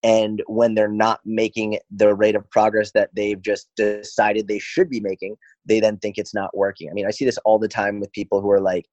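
A man's voice: on the low side, completely flat delivery, normal speed, few pauses, a little mellow, dry recording, lo-fi sound. A man who works as a fitness coach, talking on a podcast in a blunt, profane way and firing off rhetorical questions. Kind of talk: podcast conversation.

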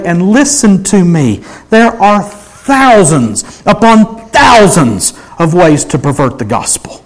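A man preaching a sermon, emphatic, swinging between loud exclamations and hushed intensity. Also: a little high, poor audio.

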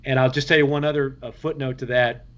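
A man, a baseball radio play-by-play broadcaster, telling anecdotes in an interview in a lively way, acting out the voices of others and often restarting his sentences. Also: mid-range voice, quick pace, muffled recording. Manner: lively, acts out quoted voices, frequent restarts.

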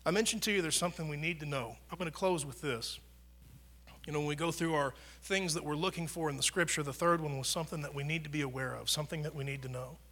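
A male pastor preaching a sermon in a church, conversational, swelling louder and dropping soft for emphasis. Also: a little high, fast. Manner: conversational preaching, rises and drops in volume for emphasis.

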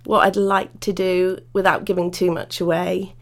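A woman children's author chatting on a radio show, hesitant with many ums, and reading her rhyming story aloud in a gentle storybook way. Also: on the low side, flat delivery, moderate pace.

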